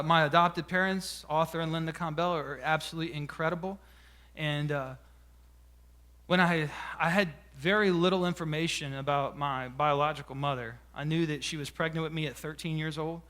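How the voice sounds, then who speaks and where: A man's voice: a little high, sharp tone. A man, a pastor preaching a sermon and telling a personal story with emotion and frequent restarts. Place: church sanctuary.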